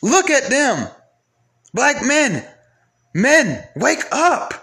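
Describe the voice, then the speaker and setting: A man's voice: very high voice, wildly swooping pitch, very slow, vocal fry, bright, forceful tone. A man delivering an angry, profane rant to camera, firing off repeated rhetorical questions.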